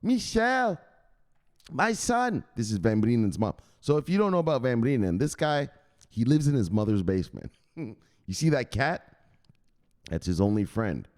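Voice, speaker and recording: A man's voice: lowish voice, big pitch swings, normal speed, darkish tone. A male crypto show host in casual, joking chat who swears freely and laughs a lot. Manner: joking, profane, laughs often.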